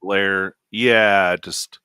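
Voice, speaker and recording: A man's voice: low voice, steady tone, extremely slow, sharp tone, smooth, dry recording, clean studio sound. A man joining a live stream, doing a mic check and giving short, drawling replies. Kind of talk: casual mic check and chat.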